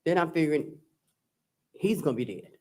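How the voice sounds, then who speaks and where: A man's voice: a little high, lively intonation, moderate pace, a little mellow. A man testifying as a trial witness, recounting text messages and quoting what was said. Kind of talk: courtroom testimony.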